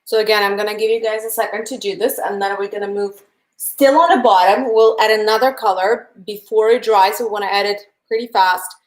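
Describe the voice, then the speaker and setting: A woman's voice: medium pitch, fairly even intonation, fairly quick. A young woman with a Russian accent, teaching a live painting lesson, chatty and friendly, who talks straight to her viewers and answers their chat. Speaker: painting instructor.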